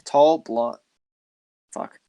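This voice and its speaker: A man's voice: extremely slow, mellow, no echo. Casual rambling man telling a story. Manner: rambling, many "like" fillers. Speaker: podcast host telling a story.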